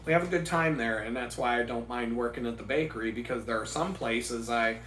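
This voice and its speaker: A man's voice: mid-range voice, brisk, fairly bright tone. A man in his forties ranting casually on his vlog, rambling and profane, telling stories with bursts of laughter. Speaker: vlogger. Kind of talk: casual rant. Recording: echoey room.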